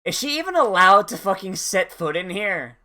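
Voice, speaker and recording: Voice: medium pitch, sing-song, normal speed, bright, forceful tone. A YouTuber giving casual, sarcastic commentary while watching an anime, swearing often and trailing off mid-sentence.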